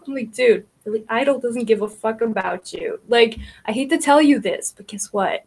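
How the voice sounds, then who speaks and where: A woman's voice: fairly high pitch, moderate pace, few pauses, a little mellow, slightly rough. A woman hosting a casual livestream, rambling about online gossip with frequent laughter, swearing and filler words.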